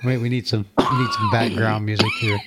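A man's voice: medium pitch, huge pitch swings, fairly quick, over loud music. A man co-hosting a crude, casual live chat, laughing often and joking.

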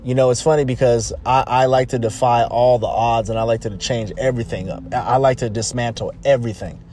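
A man's voice: medium pitch, steady tone, fairly quick, mellow, soft background music. A man hosting a podcast, talking casually and emphatically, repeating phrases and restarting sentences. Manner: repetitive, emphatic, rambling with restarts. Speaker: podcast host. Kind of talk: casual motivational monologue.

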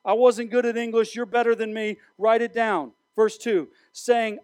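Guy preaching to students, pretty high voice, talks right at them, dry sound. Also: moderate pace, hardly any pauses, dry recording. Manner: animated preaching with direct address. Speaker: youth pastor. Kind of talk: sermon.

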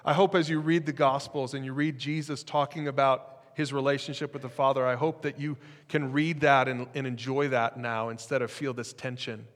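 A man preaching a sermon as pastor, in a lively, conversational way with jokes. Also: mid-range voice, moderate pace, few pauses, long reverb tail.

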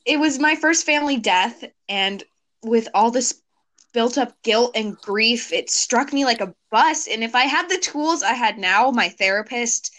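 A woman's voice: a little high, expressive, measured pace, fairly bright tone. A teenage girl hosting a casual chat with friends, earnestly recounting personal memories. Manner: earnest, reflective storytelling with frequent laughs. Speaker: podcast host.

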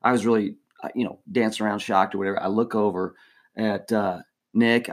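Animated man telling a story with laughs. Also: lowish voice, a little fast. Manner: animated, laughing, many fillers and restarts. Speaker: former team mascot, podcast co-host. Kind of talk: casual storytelling chat.

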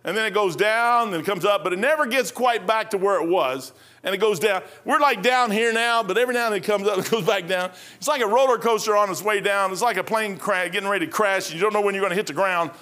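A man's voice: sits high, fast talker, sharp tone. A middle-aged male pastor preaching a sermon in a rambling, folksy storytelling way, with frequent restarts.

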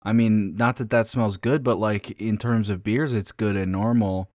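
A man's voice: fairly low pitch, steady tone, normal speed, a little mellow, no echo. A man co-hosting a comedic beer review podcast in a dry, laid-back way. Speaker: podcast co-host.

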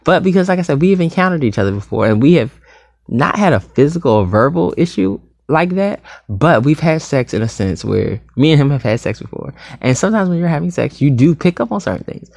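A sassy man speaks candidly to his viewers, his voice gravelly and full of fry. His pitch swoops up and down as he talks. The sound is close and dry. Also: brisk, no echo. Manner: sassy, animated, calls viewers honey and sugar; swings between loud outbursts and soft asides. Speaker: vlogger.

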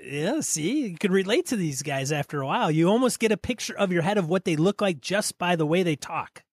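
A man's voice: sits high, animated, brisk, dry recording, clean studio sound. Upbeat podcast host coaching his partner. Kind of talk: casual podcast chat.

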